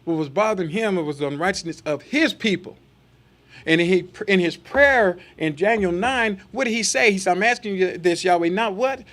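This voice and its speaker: A man with a high-pitched voice preaches a sermon. He reads scripture aloud, then turns to rhetorical questions for the congregation and acts out little quoted voices to make his point. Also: moderate pace, fairly bright tone.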